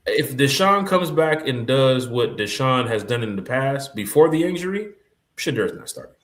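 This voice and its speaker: A man co-hosting a casual sports podcast, laid-back, giving shout-outs to viewers. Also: medium pitch, expressive, normal speed, reverberant. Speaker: podcast co-host.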